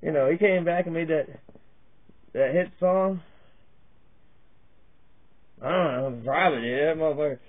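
With a fairly high pitch, a measured pace, and long pauses, a Virginia comedy vlogger rambles to his camera. His stand-up style monologue is crude, profane, and jokey, wandering from topic to topic, and the sound quality is tinny and lo-fi, like a phone recording.

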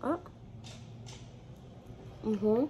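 A woman's voice: on the high side, expressive, drawn-out words, mellow, slight background noise. A young woman, chatting casually between bites in a mukbang eating vlog. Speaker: food vlogger.

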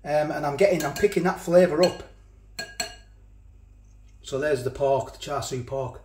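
A man's voice: fairly high pitch, unhurried, darkish tone, reverberant, slight background noise. A man casually reviewing a ready meal, chatting and eating as he talks, with cutlery clinking. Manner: chatty, eats while talking, repeats himself. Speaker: food reviewer.

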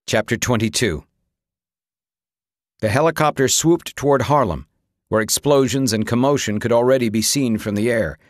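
A man reading an audiobook with dramatic, expressive narration. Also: medium pitch, normal speed, long pauses, no echo, clean studio sound. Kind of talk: scripted narration.

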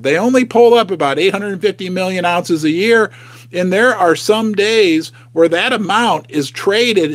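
Animated middle-aged man with lively pitch. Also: no echo. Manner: chatty, folksy and emotional, asks viewers questions. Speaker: host of a precious-metals investing channel. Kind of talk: casual livestream talk to viewers. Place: home basement.

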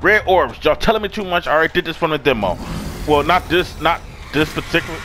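A young man hosting a casual let's-play, reacting with excitable, profane outbursts over game audio. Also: on the high side, fast talker. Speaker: gaming channel host. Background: game audio and music.

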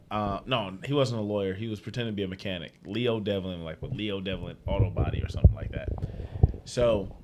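A man's voice: fairly low pitch, slight background noise. A man co-hosting a casual comedy podcast, telling stories animatedly and laughing often. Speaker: co-host.

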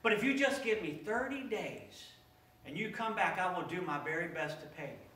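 A man's voice: sits high, animated, normal speed, pushed and bright, roomy sound, far from the mic, pitched below the performer's own voice. A man voicing a poor, sick woman who stammers as she pleads for more time to pay. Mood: pleading. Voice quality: stammering, breathless. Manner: pleading, then exuberant. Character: poor sick woman begging for time, later overjoyed and healed.

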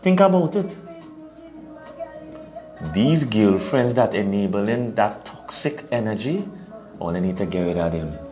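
A man's voice: on the low side, measured pace, long pauses, faint music behind. A man with a Trinidadian accent, co-hosting an opinionated talk show and lecturing his listeners. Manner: animated, preachy, laughs at his own points.

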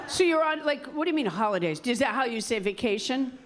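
A middle-aged woman comic works the crowd from a club stage in a high, bouncy voice. She talks in a wry, stop-start way and trips over her own sentences. Faint audience and room murmur sit behind her on a live club recording. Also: animated, background noise. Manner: chatty, halting, self-interrupting, wry. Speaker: stand-up comedian hosting. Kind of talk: stand-up with crowd work. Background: crowd laughter.

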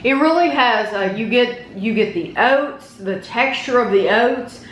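A woman's voice: a little high, lively intonation, a little slow, roomy sound, slight background noise, low-quality recording. A woman hosting a casual snack taste test, chatty and enthusiastic as she reads out package details.

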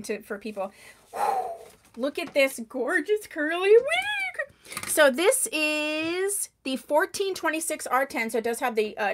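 A woman hosting a live wig sale into a microphone, chatty and gushing over products, often talking loudly and answering viewers by name. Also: sits high, a little hiss or hum. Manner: tends to talk loudly. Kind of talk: live-stream sales chat.

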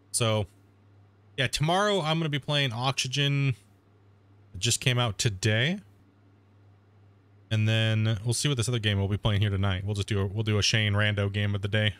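A man's voice: mid-range voice, a bit bright, dry recording. Laid-back man rambling over a game. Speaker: gaming streamer. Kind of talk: casual stream commentary.

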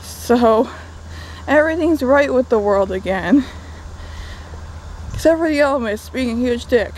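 A young woman with a slightly high voice chats through a book recap, dry and sarcastic at times. She's out walking in the woods, recorded on a phone, with faint outdoor noise behind her. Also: lively intonation, unhurried, a little mellow, rough recording. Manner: chatty, sarcastic asides. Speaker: book vlogger.

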